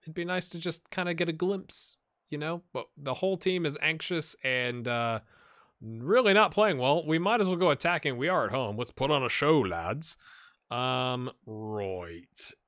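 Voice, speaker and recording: Upbeat American gaming YouTuber, animated delivery with a slightly high voice, dry close recording. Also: male voice, measured pace, dry recording. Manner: lively, reacts loudly to the match. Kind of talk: casual gameplay commentary.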